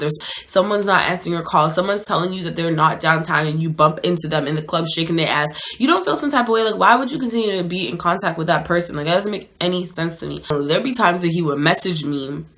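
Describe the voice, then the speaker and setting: A woman vlogger telling a dating story in casual, chatty storytime style, peppering her talk with "like". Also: low-pitched. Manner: chatty, animated, lots of "like".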